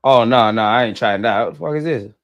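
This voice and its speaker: Excitable young man reacting to football. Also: on the low side, a little fast, highs cut off. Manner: excitable, shouts at goals, banters at players. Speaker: football watch-along host. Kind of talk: live match reaction commentary.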